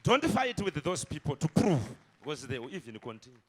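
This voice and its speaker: Animated man preaching. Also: on the high side, fairly quick. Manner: animated storytelling with shouted peaks. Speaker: pastor. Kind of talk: sermon.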